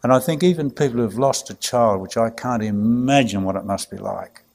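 Gently humorous clergyman. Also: medium pitch, normal speed, gravelly. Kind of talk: reflective spoken talk.

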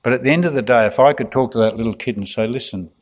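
A clergyman speaks in a reflective, anecdotal way, his mid-pitched voice carrying easy, gentle humour. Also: very fast. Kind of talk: reflective spoken talk.

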